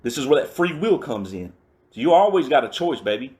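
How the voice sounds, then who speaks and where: A man's voice: mid-range voice, big pitch swings, fairly quick, darkish tone. A man giving a personal recovery testimony in a casual, slangy, emphatic storytelling way. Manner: emphatic and repetitive.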